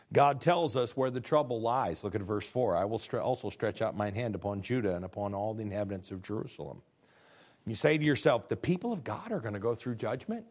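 A man with a Midwestern American accent preaching a sermon. He reads scripture aloud, explains it, and swings from low asides to loud, high-pitched peaks. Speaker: pastor.

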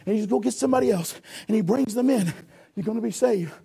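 Husky high-voiced preacher man. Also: fast talker. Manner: animated, acts out a lifeguard rescue with shouts; calls for audience response. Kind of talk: sermon.

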